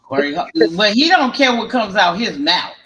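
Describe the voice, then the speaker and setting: A man's voice: sits high, big pitch swings, normal speed, pushed and bright, echoey room, rough recording. A man from Chicago chatting casually on an open panel, joking and slangy. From Chicago, Illinois. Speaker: panel participant. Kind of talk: casual chat.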